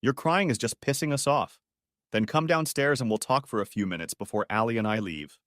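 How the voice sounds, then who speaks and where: A man's voice: mid-range voice, fairly quick, a bit bright, no echo, studio quality, natural voice. A man voicing a betrayed husband who speaks in a caustic, commanding tone. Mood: cold. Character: betrayed husband, cold and controlled, flaring angry.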